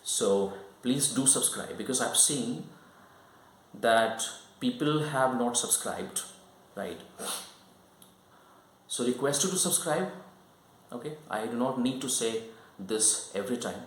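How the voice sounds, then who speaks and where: A man's voice: medium pitch, expressive, slow pace, pauses often. A man giving an online English lesson, explaining step by step and often checking in with "right?" and "okay?". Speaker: English teacher. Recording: roomy echo.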